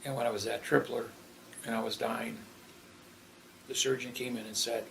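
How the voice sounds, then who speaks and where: A man's voice: medium pitch, flat delivery, normal speed, creaky, pauses often, a bit bright, slight background noise, poor audio. A man speaking in casual conversation who tells stories in a matter-of-fact way. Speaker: interviewee.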